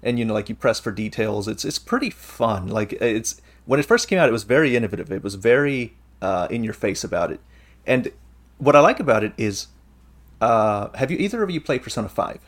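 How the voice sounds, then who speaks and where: A man's voice: on the low side, expressive, brisk. A man hosting a casual podcast chat, explaining things at length in an eager, rambling way. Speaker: podcast host.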